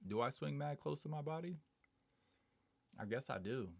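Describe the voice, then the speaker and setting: Reading viewer comments out loud and replying, this man live streams with a slangy, easygoing manner. His voice is medium-pitched, animated and creaky at a moderate pace, with a dry recording.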